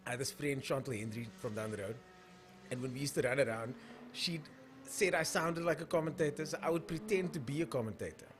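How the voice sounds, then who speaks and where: A man's voice: mid-range voice, fairly quick, faint music behind. A young man with a South African accent hosting a casual live stream of drag racing, calling the races and chatting through viewer comments.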